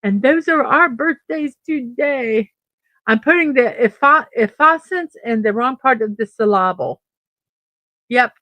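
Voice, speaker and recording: A woman's voice: a little high, lively intonation, unhurried, pushed and bright, no echo. A middle-aged woman hosting a daily morning show in a casual chat, reading birthdays and memes, laughing often and stumbling over names.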